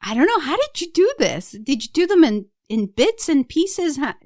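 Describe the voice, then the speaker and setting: A woman's voice: high-pitched, big pitch swings, moderate pace, darkish tone, no room sound, studio quality. A woman hosting a podcast, asking a guest eager questions in a casual way. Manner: curious, asks eager questions. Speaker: podcast host. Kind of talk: casual interview.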